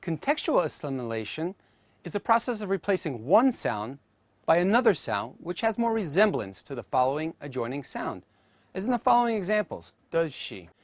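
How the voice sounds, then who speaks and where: Deliberate, lively-pitched phonetics teacher narrating. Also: no echo. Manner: careful, deliberate delivery with sounds spoken out as models. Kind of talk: scripted educational narration.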